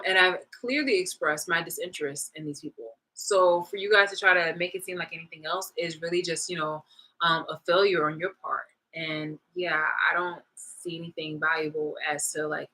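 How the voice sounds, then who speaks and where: Blunt, profane woman ranting. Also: rough recording. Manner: profane, blunt, swings between loud and low; laughs often mid-rant. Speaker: vlogger. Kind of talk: casual rant to camera.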